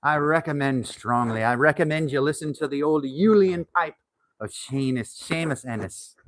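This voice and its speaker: A man's voice: a little high, moderate pace, fairly bright tone. A middle-aged man hosting a casual live stream from his workshop while tanning hide, joking around and playfully putting on an Irish accent. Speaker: leather-working livestream host. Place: home workshop, indoors.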